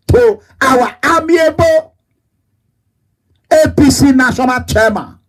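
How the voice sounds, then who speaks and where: High-voiced nigerian guy ranting politics, fiery, keeps repeating himself. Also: breathy edge, low-quality recording. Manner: fiery, repetitive, denouncing. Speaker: online political commentator. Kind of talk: political livestream rant.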